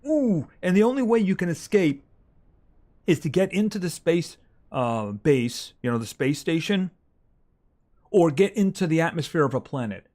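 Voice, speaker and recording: A man's voice: on the high side, big pitch swings, moderate pace, a little mellow. A man streaming a farming game live, chatting casually with his viewers as he plays. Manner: chatty, talks to game animals and reads chat aloud.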